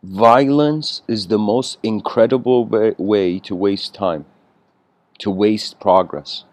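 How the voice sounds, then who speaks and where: A man giving a casual, rambling spiritual lecture, clearing his throat often and laughing between thoughts. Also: on the low side, slow pace, darkish tone, no echo.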